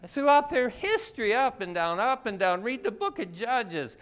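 A man's voice: very high voice, big pitch swings, moderate pace, fairly bright tone. A man preaching a conversational Bible-teaching sermon in a colloquial way, full of rhetorical questions.

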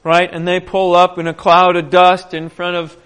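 High-voiced man teaching the Bible. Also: normal speed. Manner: often clears his throat; animated storytelling. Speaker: preacher.

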